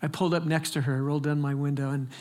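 High-voiced man preaching a sermon. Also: level tone, fast talker, warm tone. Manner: conversational storytelling building to emphatic exhortation. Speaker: pastor.

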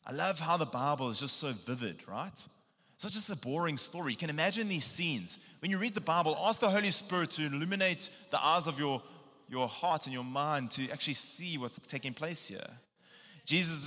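A man preaching a casual sermon, retelling a Bible story in a lively, animated way with slang. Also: a little high, a little fast, in a large hall. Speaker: pastor.

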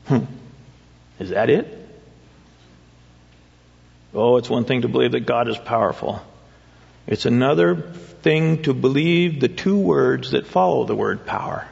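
Man, preacher, sermon, conversational questions, raspy fry, muffled lo-fi, church reverb. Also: medium pitch, lively intonation, moderate pace, a little mellow. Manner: conversational, asks the congregation questions. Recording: dull sound with long hall reverb.

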